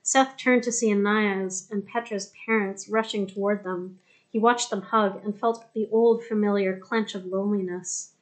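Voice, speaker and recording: A woman narrating an audiobook in a steady, even storytelling manner. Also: mid-range voice, normal speed. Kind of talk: scripted narration.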